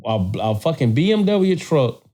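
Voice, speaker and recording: A man telling a story in a casual podcast chat, animated and profane, often repeating words as he gets worked up. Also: a little high, moderate pace.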